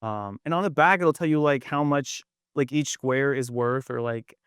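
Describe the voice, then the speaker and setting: Smooth-voiced young man, casual host. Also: medium pitch, dry recording, clean studio sound. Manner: relaxed, laughs along, halting fillers. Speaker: podcast host. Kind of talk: casual podcast chat.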